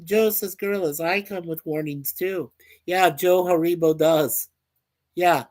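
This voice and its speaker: Slow-talking man hosting a live chat. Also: a little high, steady tone. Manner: unhurried, chuckles often, reads viewer comments aloud. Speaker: livestream host reading chat. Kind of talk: casual live-stream chat.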